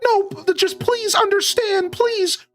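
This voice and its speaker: Streamer playing bratty kids, high and whiny, all taunts and whimpers. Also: fairly even intonation, slow, a bit bright, faint music behind, exaggerated voice. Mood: pleading. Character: bratty young kids trash-talking in a game. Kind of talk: comic storytelling with put-on voices.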